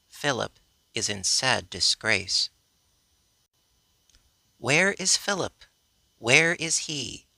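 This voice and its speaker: A man reading old rhymed children's stories aloud in a slow, measured way, giving the characters' quotes their own voices. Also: lowish voice, creaky, pushed and bright, no room sound. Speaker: narrator.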